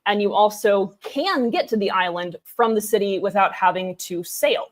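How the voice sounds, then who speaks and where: Woman, podcast co-host, chatty, explanatory, casual aside-heavy delivery, medium pitch. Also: moderate pace. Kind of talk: casual history podcast chat.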